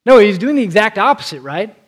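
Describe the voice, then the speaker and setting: A male preacher with a high voice gives an earnest Sunday sermon. He talks directly to his congregation and repeats a word now and then as he presses his points. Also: very animated, fast talker. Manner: earnest, repeats words as he restarts.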